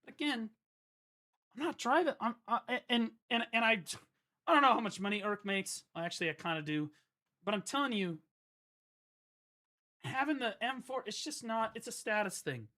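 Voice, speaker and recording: A man streaming live in a casual, profane rant, jumping from loud outbursts to low mutters. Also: expressive, moderate pace, pauses often.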